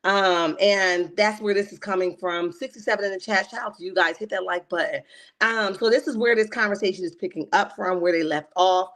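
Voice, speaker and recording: A woman hosting a casual reality TV recap livestream, animated and slangy, often laughing and calling her viewers "honey.". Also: mid-range voice, brisk. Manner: slangy and emphatic.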